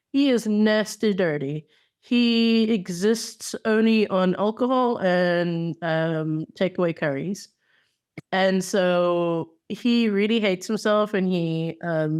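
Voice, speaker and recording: A woman's voice: on the low side, a little mellow, clear, resonant tone. A woman co-hosting a podcast in casual chat, enthusiastic and playful, with slangy asides and frequent ums. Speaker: podcast co-host.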